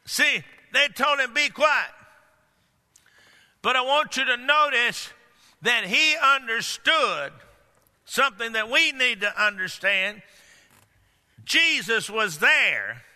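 Older preacher in a reverberant hall. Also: male voice, animated, slow. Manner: preaching, swings from loud outbursts to low hushed lines. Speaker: pastor. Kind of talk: sermon. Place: large church hall.

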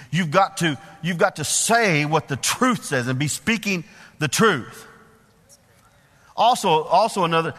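A middle-aged male preacher giving a sermon in a church, folksy and animated, putting questions to the congregation. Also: on the high side. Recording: long hall reverb.

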